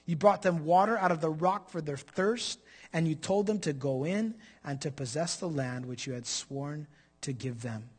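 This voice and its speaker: A man's voice: fairly high pitch, moderate pace, breathy edge. A middle-aged man preaching a sermon as pastor, explaining scripture and building to emphatic peaks.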